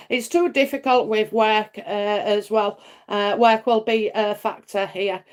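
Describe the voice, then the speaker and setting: A woman's voice: medium pitch, fairly even intonation, a little slow. A woman hosting a live psychic reading stream, chatty and reassuring, with many fillers and frequent "okay?" checks. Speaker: psychic host answering viewer questions.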